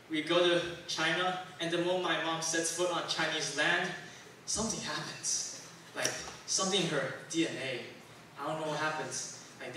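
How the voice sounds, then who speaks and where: A young Taiwanese man performs stand-up on a club stage, rambling and poking fun at himself with plenty of fillers. His voice is fairly high-pitched, and the distant mic picks up a very echoey room along with background noise.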